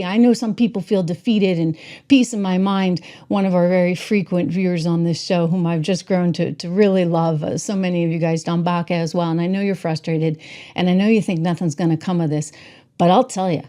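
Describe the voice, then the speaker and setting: A woman's voice: on the low side, mellow. A woman hosting a political commentary show, talking emphatically and with indignation, stretching out the words she stresses, from an indoor room. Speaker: talk show host.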